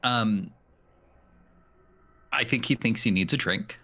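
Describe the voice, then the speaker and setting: A man's voice: medium pitch, slow, bright, forceful tone. A man playing a tabletop game, thinking aloud and hesitating as he describes his character's actions. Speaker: player. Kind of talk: casual game talk.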